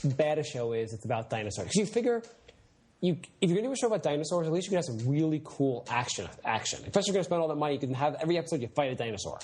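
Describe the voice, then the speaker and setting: Husky-voiced man rambling in casual chat. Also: on the high side, big pitch swings, rapid-fire, a little mellow. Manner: rambling, many fillers, acts out silly voices when retelling scenes. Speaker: podcast co-host.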